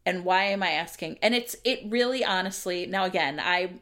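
A woman's voice: mid-range voice, brisk, fairly bright tone. A woman co-hosting a podcast, giving strong opinions on a book in casual, emphatic chat with a lot of swearing. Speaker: podcast co-host.

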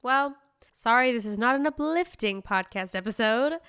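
A woman co-hosting a podcast in casual chat, giving quick, opinionated reactions. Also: a little high, animated, fairly bright tone, smooth. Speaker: podcast co-host.

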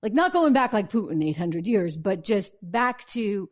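Brief: middle-aged woman host, casual political commentary to camera, chatty, wry, laughs easily, medium pitch. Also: very animated, normal speed. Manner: chatty, sarcastic, laughs often.

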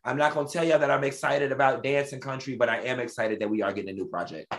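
A man co-hosting a casual chat show, telling animated stories and laughing often. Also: medium pitch, fast. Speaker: co-host.

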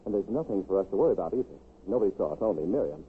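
A man's voice: fairly low pitch, animated, very fast, close to an everyday voice. An actor playing an unhinged, ingratiating young man and murderer in a 1950s radio drama, sly and wheedling. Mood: eager. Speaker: villain. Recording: tinny, hissy 1950s radio broadcast.

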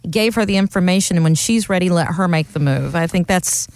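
A woman's voice: on the low side, a little fast, a little mellow. A woman co-hosting a radio talk show, chatting in a teasing, encouraging way. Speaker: radio co-host.

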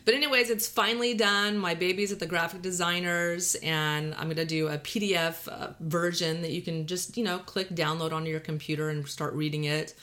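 A woman's voice: lowish voice, fairly even intonation, a little fast, hardly any pauses, bright, forceful tone. A woman from Texas with a drawl and a Valley Girl lilt, hosting a podcast in a chatty, self-deprecating way and laughing often. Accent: Texan drawl mixed with Californian Valley Girl. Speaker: podcast host. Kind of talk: casual podcast chat.

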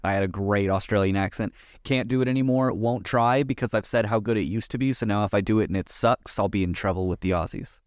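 A man with a lowish voice telling stories on a podcast, laid-back and offhand, with the odd swear word. The recording is close and dry. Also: fast, few pauses, dry recording. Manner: relaxed storyteller, casual swearing. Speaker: podcast co-host. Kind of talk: casual podcast chat.

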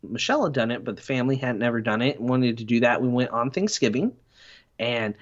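A man's voice: medium pitch, fast talker, dull audio. A man telling rambling, self-deprecating stories in a casual podcast chat. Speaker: podcast guest.

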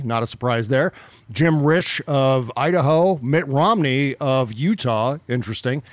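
A man hosting a podcast, giving sarcastic political commentary in quick banter with his co-host. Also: fairly high pitch, no echo.

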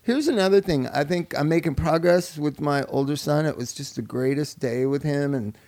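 A man's voice: on the high side, moderate pace. A man hosting a casual podcast chat, telling stories with lots of laughter and swearing. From Los Angeles. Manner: swearing, laughing, animated storyteller. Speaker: podcast host.

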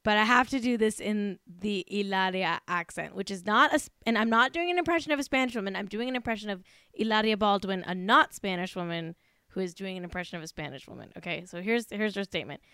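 A woman's voice: medium pitch, fast talker, sharp tone, clear, resonant tone, dry recording, clean studio sound. A young woman co-hosting a podcast, chatting casually in an exasperated, joking way. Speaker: podcast co-host. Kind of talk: casual chat.

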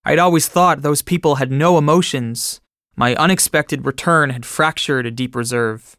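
A man narrating his own memoir in steady first-person storytelling, recorded close to the mic. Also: fairly high pitch, moderate pace, dry recording.

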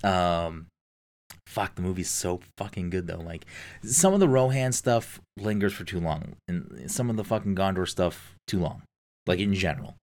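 A man with a very low, deep voice talking in a loose, casual podcast chat. He is enthusiastic and swears constantly, with lots of filler words between his points. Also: animated, moderate pace, darkish tone.

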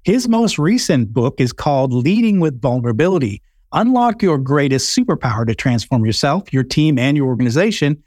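A man's voice: medium pitch, big pitch swings, brisk, darkish tone, no echo, clean studio sound. A man hosting a leadership podcast, introducing his guest and asking questions in a conversational way. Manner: conversational, encouraging, some fillers. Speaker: podcast host. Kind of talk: interview hosting.

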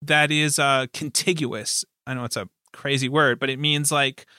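A man's voice: medium pitch, fairly even intonation, normal speed, bright, forceful tone, no echo, studio quality. A man who runs tabletop games, chatting casually and rambling with lots of fillers. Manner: rambling, many fillers and restarts. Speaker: game master and podcast host. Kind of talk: casual chat.

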